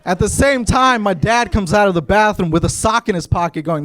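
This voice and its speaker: A man from Kentucky works a live room as a stand-up comic, his voice sitting slightly high. He tells his stories in an animated, punchy, conversational way. He speaks into a handheld stage mic. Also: brisk, hardly any pauses, slight background noise. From Kentucky, USA. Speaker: stand-up comedian. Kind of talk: stand-up comedy storytelling. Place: stage before a live audience.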